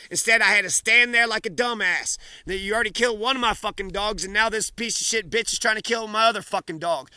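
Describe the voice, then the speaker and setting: A man's voice: sits high, sharp tone, clean tone, no echo. A man in an angry, profane rant to camera, swearing and hurling accusations.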